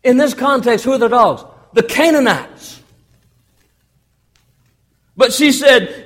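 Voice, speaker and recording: High, lively-voiced preaching man. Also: in a large hall. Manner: emphatic preaching, calls the congregation "beloved"; swings between loud emphasis and hushed, drawn-out phrases. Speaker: pastor. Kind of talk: sermon.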